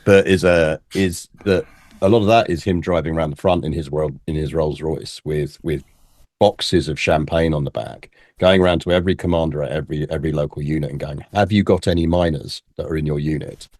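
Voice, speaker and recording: A man's voice: very deep voice, steady tone, a little mellow, no echo, clean studio sound. A man, a guest talking about military history in a casual conversation, often restarting before explaining at length. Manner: halting, many restarts, then fluent explanations.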